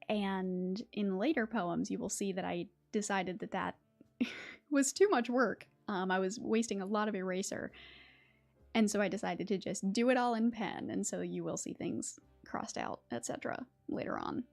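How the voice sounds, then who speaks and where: A woman's voice: mid-range voice, normal speed, creaky, darkish tone. A woman from West Virginia hosting a casual livestream, chatting, laughing often and reading poetry aloud. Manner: chatty, laughs often, many fillers and restarts. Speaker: YouTube host.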